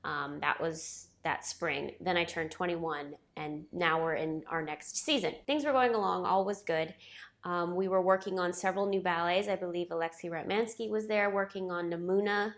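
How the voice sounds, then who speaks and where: A woman's voice: on the low side, steady tone, moderate pace. A woman in her thirties, a former ballet soloist, telling a story casually, chatty and self-deprecating, acting out what others said.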